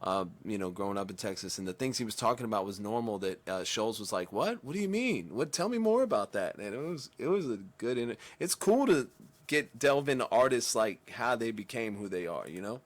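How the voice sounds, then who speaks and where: A man's voice: on the low side, animated, fairly quick. A man hosting a reaction video, talking casually in a rambling, self-correcting way with slang.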